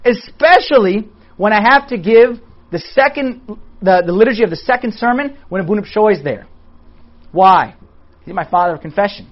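A priest with a high voice and lively intonation gives a conversational sermon at a moderate pace, and the audio sounds dull. He speaks informally and often checks in with his listeners using "okay" and "all right."

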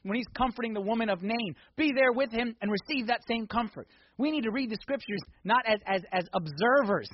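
A man preaching a sermon in a church, swinging from hushed intensity to loud, excited exhortation. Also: very high voice, a little fast, highs cut off, a little hiss or hum. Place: church sanctuary.

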